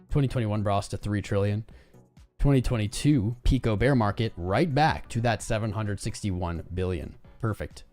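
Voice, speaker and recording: A young man hosting a crypto trading livestream, ranting casually and talking straight to his viewers with slang like "man" and "bro". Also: on the low side. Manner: animated, slangy, talks to viewers as "guys" and "man".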